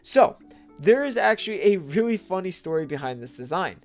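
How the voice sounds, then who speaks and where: A man's voice: expressive, a little fast. Upbeat young man with faint music. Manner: enthusiastic, bouncy pitch jumps. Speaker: gaming channel host. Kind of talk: casual game commentary voice-over.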